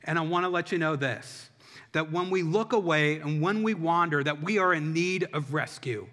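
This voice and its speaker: A man's voice: on the high side, normal speed, fairly bright tone. A man preaching a sermon as a pastor, impassioned, with rhythmic repetition. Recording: long hall reverb.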